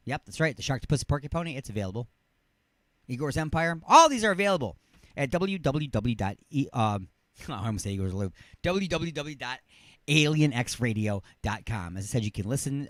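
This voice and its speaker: A man hosting a live radio talk show, plugging his station in a loose, rambling way with playful jokes, swinging from loud hype to mumbled asides. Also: mid-range voice, no room sound. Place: radio studio.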